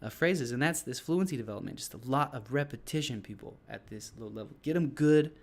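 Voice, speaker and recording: A man's voice: medium pitch, a little fast. A man who teaches English, casually explaining his classroom activities to other teachers in a loose, rambling way with frequent restarts.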